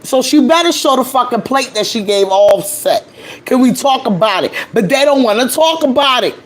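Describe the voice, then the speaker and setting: A woman's voice: a little high, animated, normal speed. A woman with a nasal voice hosting a live stream of casual celebrity gossip, brash and profane, laughing often. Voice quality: nasal, allergy-stuffed voice.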